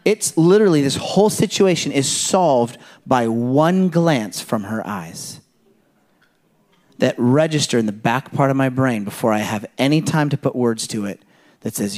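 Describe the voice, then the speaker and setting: A man preaching a sermon in a conversational, animated way, full of rhetorical questions and illustrations from his home life. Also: mid-range voice, a little slow. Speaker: pastor.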